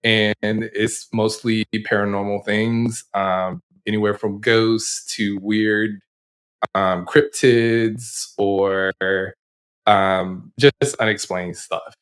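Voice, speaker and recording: A man co-hosting a podcast in casual chat, who laughs often and tells animated, rambling stories. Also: fairly low pitch, extremely slow. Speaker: podcast co-host.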